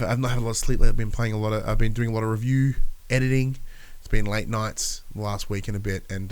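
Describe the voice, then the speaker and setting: A man with a stuffy nose and a smooth, clear voice, rambling through a solo recap. He swears freely and talks loosely, sounding a little under the weather. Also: on the low side, steady tone, fast. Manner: rambling, swears, acts out wrestlers' lines. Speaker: podcast host.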